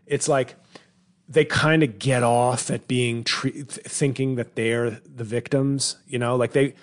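A middle-aged male comedian hosting a solo podcast, rambling through a bit he is working on, restarting sentences and slipping into mock voices. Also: medium pitch. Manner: rambling, self-interrupting, puts on mock voices for bits.

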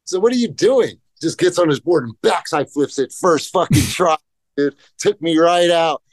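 Middle-aged male skater guest, animated storyteller, swears freely, slightly high voice, dry close mic. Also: moderate pace, dry recording. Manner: animated, profane, acts out quotes in voices. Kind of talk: casual storytelling chat.

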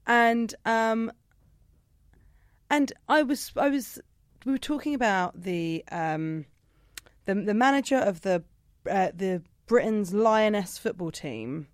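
A woman's voice: mid-range voice, lively intonation, slow, dry recording, clean studio sound. A woman chatting casually as a podcast co-host, sarcastic and given to comic swearing. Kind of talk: casual chat.

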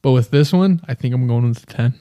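A man's voice: medium pitch, quick pace, warm tone. A man co-hosting a casual podcast, giggly and a little self-conscious. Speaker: podcast co-host. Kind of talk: casual chat.

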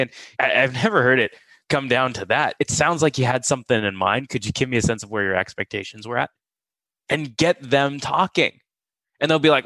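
A man's voice: medium pitch, brisk, a bit bright, no room sound, rough recording. A man co-hosting a sales advice podcast, emphatic and blunt, acting out quotes. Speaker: co-host.

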